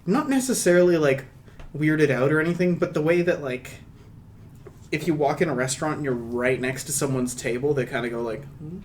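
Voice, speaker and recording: A man narrating a tabletop game as game master, relaxed and rambling, with casual asides. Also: fairly high pitch, fairly quick, a little hiss or hum.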